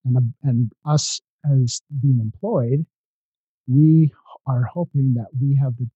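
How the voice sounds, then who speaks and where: A man hosting a podcast interview, talking in a rambling way with many halting restarts. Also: medium pitch, breathy edge, dry recording, phone-quality sound. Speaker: podcast host. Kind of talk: casual interview chat.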